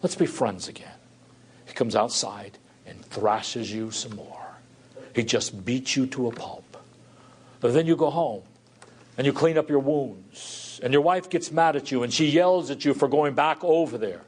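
A male pastor delivers a sermon at an ordinary, mid-range pitch for a man. He reads a scripture passage aloud and then expounds on it. His manner is earnest and reflective. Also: unhurried, slightly rough.

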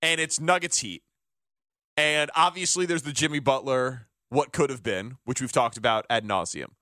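A man co-hosting a sports talk show, lively and joking. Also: mid-range voice, normal speed, no echo, studio quality. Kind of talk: casual radio chat.

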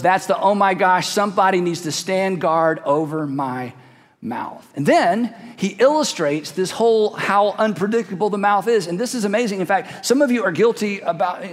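A man preaching a sermon as a pastor in a church, emphatic, slowing down to stress key words. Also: high-pitched, in a large hall.

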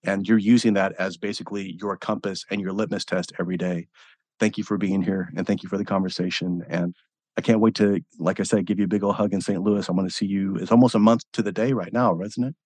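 Enthusiastic podcast host, low voice. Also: male voice, steady tone, quick pace, a little mellow, dry recording. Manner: enthusiastic, affirming, swears casually. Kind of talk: casual conversation.

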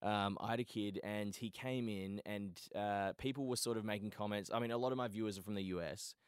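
Australian male podcast host, low clean voice, dry close sound, jokey storyteller. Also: fairly even intonation, a little fast, clean tone, no room sound. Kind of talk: casual podcast chat.

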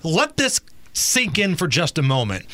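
A man's voice: a little high, huge pitch swings, a little slow, sharp tone. A man co-hosting a talk show, giving opinionated political commentary in a sarcastic, mocking manner.

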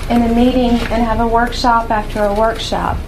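A woman legislator speaking firmly and deliberately at a press conference. Her voice sits fairly high. Clear background noise from the room runs under her speech. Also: flat delivery. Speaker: state legislator.

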